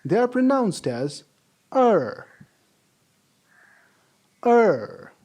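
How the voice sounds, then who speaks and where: A man teaching a language lesson, saying model sentences slowly for students to repeat and praising them. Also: sits high, big pitch swings, a little mellow. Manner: slow, drawn-out model sentences for repetition; encouraging, praises imagined students. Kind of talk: classroom-style language lesson.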